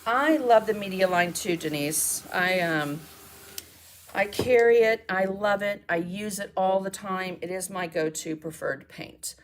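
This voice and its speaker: A woman's voice: mid-range voice, a little slow. A woman hosting a live mixed media art demonstration, chatting and thinking aloud as she works and answering viewer comments. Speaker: mixed media artist and host.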